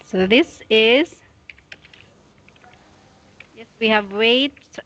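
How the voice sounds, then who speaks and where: Slow, bright-voiced woman tutor. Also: a little high, slight background noise. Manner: patient, slow, corrects pronunciation carefully. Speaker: English tutor. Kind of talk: one-on-one pronunciation lesson. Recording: dull lo-fi audio.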